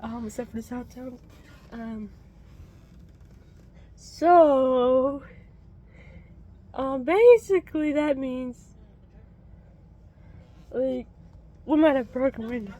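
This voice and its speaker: A young woman ranting casually in a home vlog, swearing and frustrated, jumping between loud outbursts and low muttering. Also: takes it slowly, long pauses. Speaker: vlogger.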